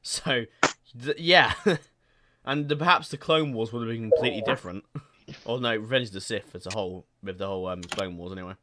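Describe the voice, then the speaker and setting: A man's voice: lowish voice, fairly quick, background noise. A man hosting a casual podcast chat, rambling and laughing often, swearing casually. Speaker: podcast host.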